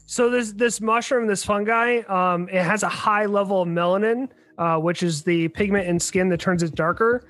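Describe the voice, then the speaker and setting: A man's voice: sits high, normal speed, hardly any pauses, a bit bright. A young man co-hosting a podcast, explaining things and laughing along in casual chat. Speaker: podcast co-host.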